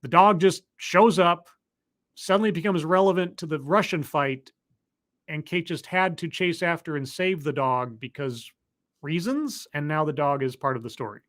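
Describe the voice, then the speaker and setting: A casual show reviewer talking through an episode on a live stream. The delivery is wry and sarcastic, full of asides and fillers, often stopping to fix what is on screen. Middle pitch. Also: moderate pace, fairly bright tone. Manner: rambling, with fillers and restarts while clicking through footage. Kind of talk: casual episode recap commentary.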